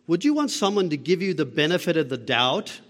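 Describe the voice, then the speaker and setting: A man's voice: on the high side, very animated, brisk, big-room sound. A man preaching a sermon as a pastor, emphatic and asking the listeners rhetorical questions.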